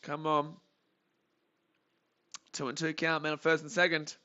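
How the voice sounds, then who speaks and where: A young Australian man hosting a live baseball reaction stream, joking with chat and calling pitches, swinging from muttering to shouting. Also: a little slow, lo-fi sound. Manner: excitable, jokey, swings between muttering and shouting.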